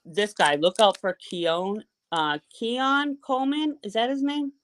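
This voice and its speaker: A woman from Boston with a Boston accent, chatting excitedly and casually as a guest on a live call-in show, swearing now and then. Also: fairly high pitch, measured pace, clear, resonant tone. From Boston, USA. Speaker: caller guest.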